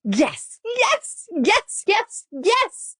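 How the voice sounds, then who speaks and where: A woman voicing an excitable young female drama student with a theatrical delivery. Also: mid-range voice, measured pace, dry recording, studio quality, voice pushed up, lightly acted. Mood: giddy.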